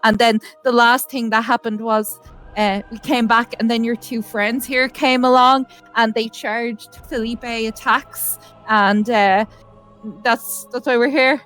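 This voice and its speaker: A woman's voice: fairly high pitch, steady tone, measured pace, a bit bright, faint music behind. A woman playing a tabletop game who tells an event in character with a rambling, hesitant delivery. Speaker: player.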